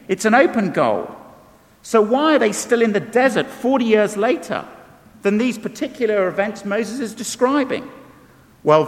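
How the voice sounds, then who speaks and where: High-voiced preacher in a reverberant hall. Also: male voice. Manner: animated, swings from loud emphasis to hushed low tones. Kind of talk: sermon. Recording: long reverb of a large hall.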